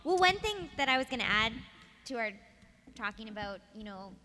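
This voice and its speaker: A woman's voice: on the high side, sing-song, moderate pace, pushed and bright. A woman voice actress on a convention panel, speaking sincerely and with appreciation. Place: convention hall. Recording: echoey hall with faint ambience.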